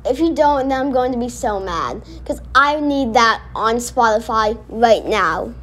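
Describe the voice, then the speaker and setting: A woman's voice: on the high side, lively intonation, unhurried, fairly bright tone. A woman giving casual reaction commentary, indignant and rambling as she talks back at a cartoon she is watching. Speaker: reaction video host.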